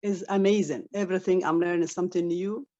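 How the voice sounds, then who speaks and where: Low-voiced enthusiastic woman on a call. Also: fairly even intonation, a little fast, mellow, muffled recording. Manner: enthusiastic, simple phrasing. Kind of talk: casual group call.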